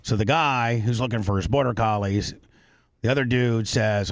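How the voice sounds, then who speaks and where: A man's voice: medium pitch, moderate pace, dry recording, studio quality. A man hosting a radio talk show, retelling a news story in casual chat, often repeating and restarting his words.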